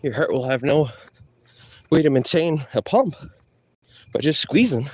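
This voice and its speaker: Guy jogging outside going off on a jokey rant, voice jumps all over, slightly high, bit of outdoor noise. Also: animated, unhurried. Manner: joking, trash-talking, rambling. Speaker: vlogger streaming live. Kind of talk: rambling live-stream chat while jogging.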